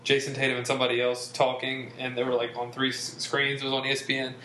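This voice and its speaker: A man co-hosting a sports podcast, arguing in quick, pushy, interrupting casual chat. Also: medium pitch, completely flat delivery, bright, forceful tone. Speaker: podcast co-host. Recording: echoey room with faint background noise.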